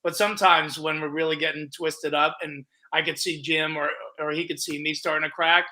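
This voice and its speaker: A middle-aged comedian tells a prank call story in relaxed podcast chat. His voice sits a touch high and sounds bright and forceful. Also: a little fast.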